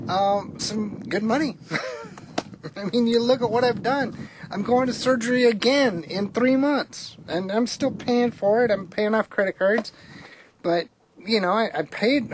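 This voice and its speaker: A woman talking candidly to the camera outdoors at an oil well site, chatty and rambling, quick to laugh. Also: mid-range voice. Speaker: vlogger. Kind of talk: candid personal vlog. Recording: noisy outdoor recording.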